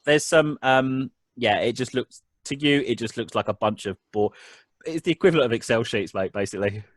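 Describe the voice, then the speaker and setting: A man's voice: medium pitch, brisk, no echo. A man narrating as game master of a tabletop game, in a rambling way full of ums and restarts.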